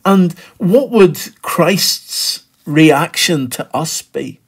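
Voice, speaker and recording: A man's voice: fairly high pitch, animated, very slow, breathy edge. Earnest man giving a devotional reflection. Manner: earnest, acts out quoted voices. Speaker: pastor.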